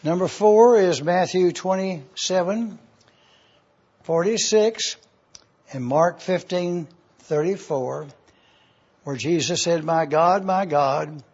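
Brief: male preacher, husky, deliberate teaching delivery, dull lo-fi recording. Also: on the high side, a little mellow. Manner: slow, deliberate, repeats points for review. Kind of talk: teaching sermon.

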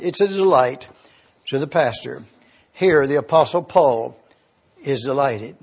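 A pastor giving a slow, deliberate expository sermon, stopping to spell out Greek words letter by letter. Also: male voice, high-pitched, a little mellow, highs cut off.

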